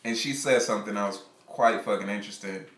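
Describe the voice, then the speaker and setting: Talking fast in a fairly low pitch, a man rambles through a casual story on a live stream, animated and laughing often. His voice comes across bright and forward, and the room around him echoes.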